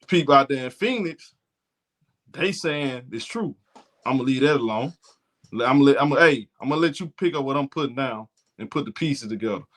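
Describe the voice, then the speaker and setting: A man's voice: medium pitch, expressive, normal speed, fairly bright tone. A man hosting a sports talk show, giving blunt, indignant commentary and often repeating himself.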